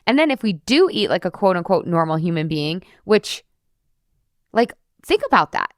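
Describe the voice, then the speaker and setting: A woman's voice: fairly low pitch, very animated, moderate pace, dry recording, clean studio sound. Chatty woman in her thirties, podcast host. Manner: chatty, heavy use of "like", casual swearing. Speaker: podcast host and weight loss coach. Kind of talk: casual solo podcast talk.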